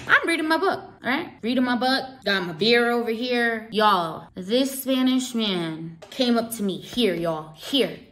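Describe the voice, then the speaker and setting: Animated woman telling a story. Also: on the high side, a little slow, hardly any pauses, slight background noise. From Miami, United States. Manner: animated, emphatic, talks straight to the audience. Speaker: vlogger. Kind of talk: casual storytelling to camera.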